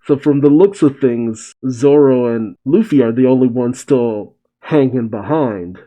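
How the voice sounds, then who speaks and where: A man's voice: medium pitch, moderate pace, hardly any pauses, warm tone, poor audio. A man hosting a manga reaction, reading the chapter aloud and musing in casual asides.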